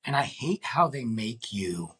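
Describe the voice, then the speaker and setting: Husky man ranting on his podcast. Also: medium pitch, sing-song, a little slow, a bit bright. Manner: exasperated, ranting, rhetorical questions. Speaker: podcast host. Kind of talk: casual podcast rant.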